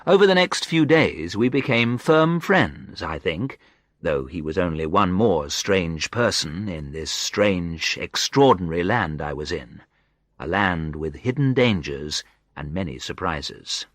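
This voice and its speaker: A man slowly reading a story aloud for English learners in a clear, expressive manner. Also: low voice, no echo, studio quality. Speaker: narrator.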